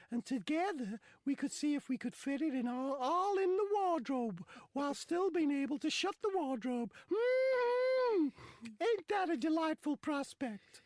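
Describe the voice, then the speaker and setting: Syrupy high Southern belle, flowery and flirty, over the top. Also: male voice, no room sound.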